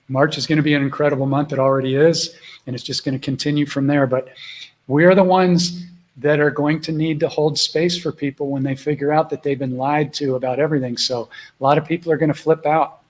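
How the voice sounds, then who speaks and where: This is the host of a live spiritual Q&A, a middle-aged man broadcasting from home who rambles affectionately with his viewers and speaks gently to his dog. He talks briskly, with a voice on the higher side and fairly even intonation. The audio is poor.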